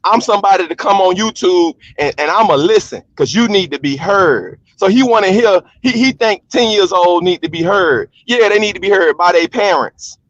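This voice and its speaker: A man rants bluntly and profanely as a live-stream guest. His voice sits very high and sounds sharp and bright. The audio is dry and a little muffled. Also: expressive, moderate pace, hardly any pauses, no room sound. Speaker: panel guest. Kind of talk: heated live-stream commentary.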